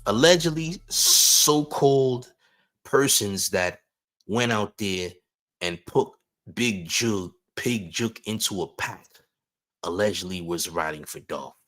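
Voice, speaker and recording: Low-voiced sarcastic man, chuckling commentary. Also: animated, slow pace, fairly bright tone. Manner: sarcastic, chuckling, calls viewers "champ". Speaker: host of a hip-hop news channel. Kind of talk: live-stream commentary.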